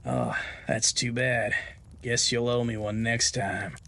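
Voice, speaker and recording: A man's voice: medium pitch, big pitch swings, takes it slowly, bright, forceful tone, full character voice. A man doing a sly, cheerful rancher. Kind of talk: audio drama narration.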